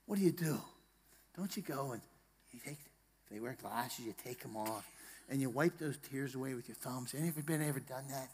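Pastor, hushed to rousing, in a reverberant hall. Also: male voice, medium pitch, brisk, slightly rough. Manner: swings from hushed tender passages to loud emphatic rallying; jokes with the congregation and asks them questions. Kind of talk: sermon. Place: church sanctuary.

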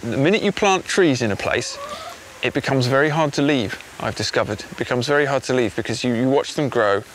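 A middle-aged English man speaking outdoors in a reflective documentary interview, measured and thoughtful, pausing with fillers as he thinks. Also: medium pitch, a bit bright. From England. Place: outdoors on rural land. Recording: faint hiss under the voice.

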